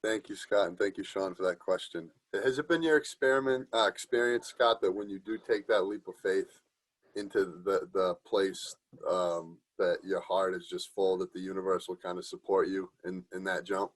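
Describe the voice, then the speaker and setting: A man's voice: low voice, steady tone, normal speed, rough recording. A man interviewing a guest, asking his question hesitantly and searching for words.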